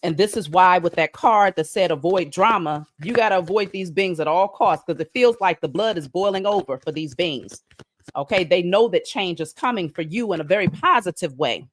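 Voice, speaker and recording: A woman giving a spiritual card reading on a live stream, chatting casually to viewers and reading declarations slowly and emphatically. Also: on the low side, animated.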